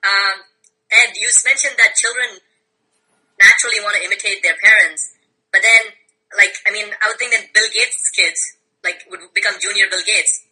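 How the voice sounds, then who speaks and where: A man's voice: high-pitched, steady tone, normal speed, pushed and bright, poor audio. A man calling in to give a casual, hesitant opinion on an online debate. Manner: hesitant, filler-heavy. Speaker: caller.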